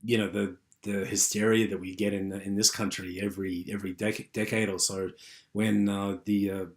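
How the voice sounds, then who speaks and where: A man's voice: on the low side, level tone, moderate pace. A man giving an unscripted university lecture, rambling with many fillers and restarts.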